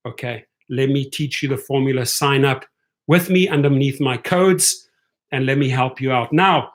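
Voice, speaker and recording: A middle-aged man giving an energetic, motivational talk as a driving coach, often checking in with viewers by asking "right?". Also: fairly high pitch.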